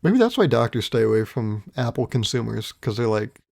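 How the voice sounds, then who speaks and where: Man, podcast host, casual monologue, gravelly, mid-pitched, wry, rambling, casually profane. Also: very animated, a little fast, darkish tone. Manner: rambling, wry, swears casually with frequent chuckles.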